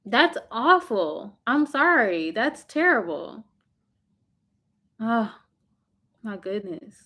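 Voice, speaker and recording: Her fairly high, slightly bright voice swings widely in pitch and draws words out. Livestreaming from home, she reads comments aloud, responds to viewers with sympathy, and speaks in a loose style packed with filler.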